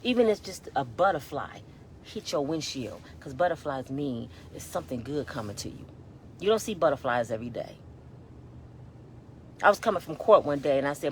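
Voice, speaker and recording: A woman in her fifties giving a casual, preachy motivational talk, exhorting listeners as y'all, swinging between loud urging and hushed tones, holding back tears. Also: sits low, lively intonation, fairly quick, a little hiss or hum. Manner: colloquial, addresses listeners as y'all. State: near tears. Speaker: inspirational vlogger.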